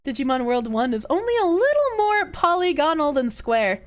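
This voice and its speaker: A woman's voice: high-pitched, big pitch swings, moderate pace. A woman livestreamer chatting casually, reading chat, giggling often and swearing freely.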